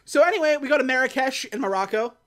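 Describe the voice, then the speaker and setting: On a casual movie podcast, a female co-host with a high-sitting voice walks through scenes. She keeps slipping into quick, deadpan impressions of the characters.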